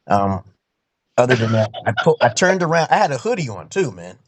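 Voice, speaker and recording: A man's voice: mid-range voice, animated, normal speed, long pauses. A man in his forties with a New York accent, hosting a casual chat and telling stories animatedly, laughing as he goes. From Brooklyn, New York. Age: 40s. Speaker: host.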